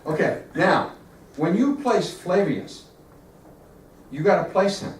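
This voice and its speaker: A man directing a rehearsal on a stage, giving brisk notes and checking in with "okay?" after each point. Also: high voice, sing-song, slight background noise. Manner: brisk, repeats "okay?", acts out lines loudly. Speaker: theater director. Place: theater stage. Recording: echoey stage from far off, faint ambience.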